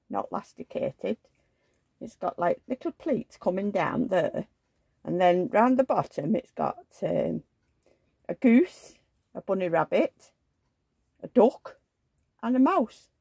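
Woman, middle-aged, husky and a bit gravelly, rambling homely vlog chatter. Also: medium pitch, darkish tone, dry recording, poor audio. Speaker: doll collector vlogger. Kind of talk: casual chatty vlog, talking to dolls. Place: indoors at home.

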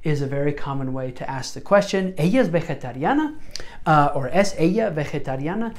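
A woman's voice: low voice, expressive, a little fast, darkish tone. A woman teaching medical Spanish word order, mixing Spanish words into her English and often checking in with "okay?".

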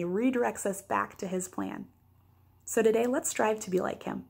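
Woman, pastor, devotional talk, earnest, gravelly, breathy. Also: mid-range voice, fairly even intonation, moderate pace. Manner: warm, earnest teaching with playful asides.

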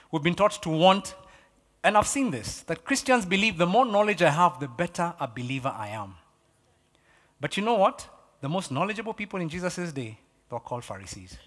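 A man delivers a sermon with a high, bright voice, animated and emphatic. He repeats key phrases for effect, swinging from loud to hushed. The sound carries the long reverb of a church hall. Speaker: pastor.

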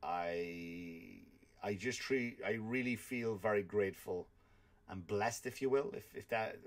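A man with an Irish accent, a comedian hosting a podcast, telling stories in an animated, swear-filled rant. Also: lowish voice. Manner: animated storytelling with frequent swearing. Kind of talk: ranting comedic monologue.

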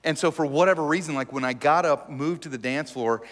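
A man preaching as a pastor, telling the story in a joking, animated, conversational way. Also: a little high, fairly quick, big-room sound. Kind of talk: conversational sermon. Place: church sanctuary.

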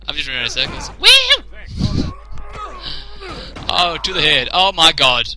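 A man's voice: fairly high pitch, moderate pace, very noisy. A young man, casually commentating a video game, joking and laughing as he plays. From England. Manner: jokey, laughs often, reacts loudly. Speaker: let's play commentator.

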